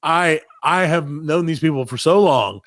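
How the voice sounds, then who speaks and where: A middle-aged man and father, co-hosting a podcast, spins a comedic story full of profanity and impressions of the people in it. He speaks unhurriedly in a fairly high voice, and the studio-quality sound has no room echo.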